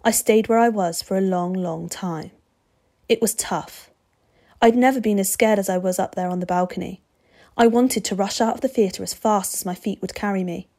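A woman narrating a story aloud with expressive, steady delivery. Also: medium pitch, moderate pace.

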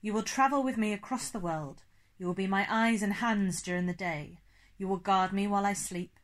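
A woman's voice: medium pitch, normal speed, close to an everyday voice. A woman reading an audiobook, voicing a formal, commanding old male vampire who speaks stiffly and precisely, without contractions. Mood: explaining.

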